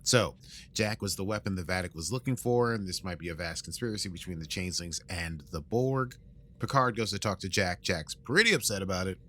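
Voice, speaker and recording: A man's voice: low voice, fairly quick, sharp tone. A man hosting a podcast, casually recapping an episode and breaking into sung lines and silly voices. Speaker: podcast host.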